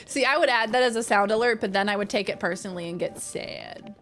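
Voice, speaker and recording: A young woman with a fairly high voice, chatting live to her viewers while she plays a game. She is playful and jokey throughout, with a bit of music faintly underneath. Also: normal speed, long pauses. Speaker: game streamer. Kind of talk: casual live-stream chat.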